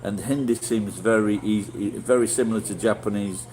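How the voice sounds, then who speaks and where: A man's voice: lowish voice, steady tone, moderate pace, darkish tone, slight background noise, poor audio. A middle-aged man with a Yorkshire accent, chatting casually with live viewers in a rambling, blunt way and swearing freely. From Yorkshire, England. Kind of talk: casual livestream chat.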